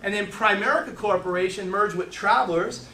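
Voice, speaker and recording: A middle-aged man leads a sales training session and talks fast in stories, often restarting his sentences. His voice sits high and sounds bright and forceful. He is picked up from some distance in an echoey room. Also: a little hiss or hum. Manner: fast storytelling with lots of restarts. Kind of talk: motivational training talk.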